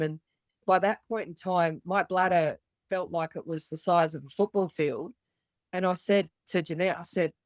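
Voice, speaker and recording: A woman's voice: on the low side, no room sound. A middle-aged woman with an Australian accent, a podcast guest telling her story candidly and bluntly, swearing freely and acting out the voices of others.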